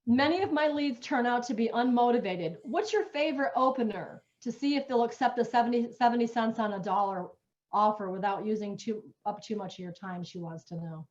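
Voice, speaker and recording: A woman's voice: fairly high pitch, brisk, a little mellow, dull audio. A woman hosting a webinar, reading out attendees' questions and adding short clarifications. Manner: reads questions aloud, then adds short clarifications.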